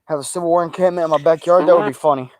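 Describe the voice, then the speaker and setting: A man hosting a livestream from his backyard, joking loudly with his viewers. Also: on the high side, fairly even intonation, rapid-fire. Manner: loud, joking, calls out to his audience. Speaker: livestream host. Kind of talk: casual livestream chat. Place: outdoors in a backyard.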